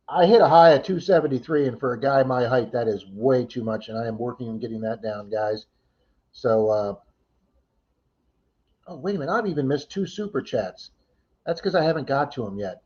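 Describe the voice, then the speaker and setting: Chatty man hosting a lo-fi livestream. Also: mid-range voice. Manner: chatty, thanks viewers by name, laughs easily. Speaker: livestream host. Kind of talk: casual chat reading viewer comments.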